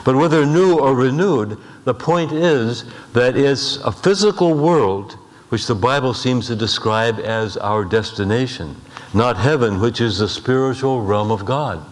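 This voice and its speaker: A male pastor preaching a sermon, measured, slowing down for emphasis and asking rhetorical questions. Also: medium pitch, lively intonation. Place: church sanctuary. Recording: long hall reverb.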